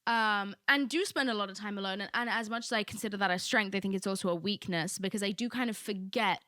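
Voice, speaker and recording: A woman's voice: medium pitch, quick pace, bright, forceful tone, dry recording, studio quality. A young woman hosting a casual solo podcast, rambling candidly with lots of "like" asides. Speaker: podcast host.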